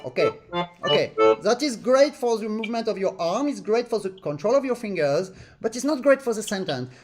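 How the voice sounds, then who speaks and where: A man's voice: high voice, sing-song, fairly quick, soft background music. A man teaching an accordion master class in an online lesson, earnest and demonstrative, repeating points to stress them and singing rhythms in syllables. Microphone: online lesson stream.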